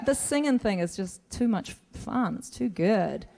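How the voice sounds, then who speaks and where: A woman's voice: medium pitch, animated, a little slow, gravelly, darkish tone. A middle-aged woman answering fan questions on a convention stage in a chatty, rambling way, laughing often. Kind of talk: casual stage Q&A. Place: convention stage before an audience.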